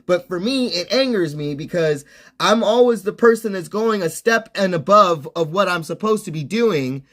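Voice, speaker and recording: A man's voice: sits high, expressive, normal speed, fairly bright tone. A young man telling an exasperated, swear-heavy rant to his stream viewers. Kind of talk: casual ranting monologue.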